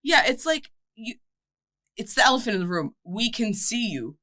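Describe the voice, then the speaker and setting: A woman's voice: on the high side, big pitch swings, moderate pace, bright, forceful tone, no echo. A young woman co-hosting a podcast, talking bluntly and sardonically with frequent laughs. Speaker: podcast co-host. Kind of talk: casual chat.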